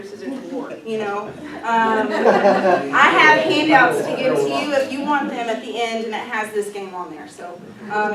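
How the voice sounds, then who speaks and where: A woman presenting a leadership workshop, talking in an upbeat, casual way with frequent ums and light laughs. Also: medium pitch. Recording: echoey room, voice from far off.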